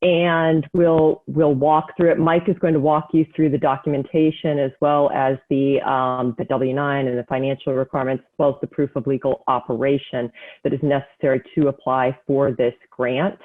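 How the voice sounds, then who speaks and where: A woman hosting a county business webinar, speaking in a clear, measured way and spelling things out slowly. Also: a bass voice, level tone, narrow, tinny audio. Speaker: webinar host, county economic development staff. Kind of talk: scripted webinar presentation.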